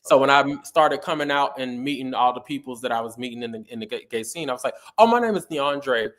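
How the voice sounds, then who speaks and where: A middle-aged man telling stories in a casual interview, animated and sassy, acting out quotes. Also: medium pitch, fast. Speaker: guest.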